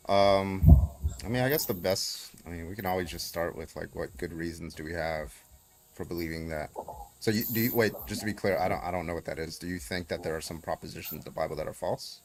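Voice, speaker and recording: A man hosting a casual livestream debate, relaxed and halting, with frequent restarts. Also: low voice. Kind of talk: casual live-stream debate chat.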